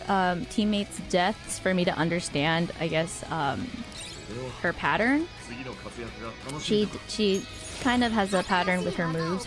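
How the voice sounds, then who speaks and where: Woman streamer, excitable, shrieky, gasping chatter over loud game music. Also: medium pitch. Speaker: gamer streamer. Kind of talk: live gameplay commentary. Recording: game music playing loudly behind.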